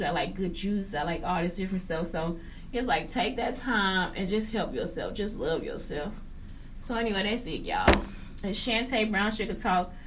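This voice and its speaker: A woman hosting a podcast, talking casually in an animated, slangy way and laughing often. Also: medium pitch, recorded from a distance, slight background noise. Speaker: podcast host. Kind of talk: casual monologue.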